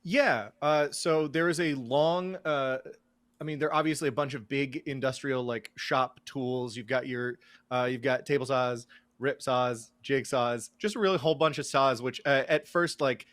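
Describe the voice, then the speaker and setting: A man playing a tabletop game who describes his character's surroundings in a relaxed way with many fillers. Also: mid-range voice, normal speed, no room sound. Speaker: player.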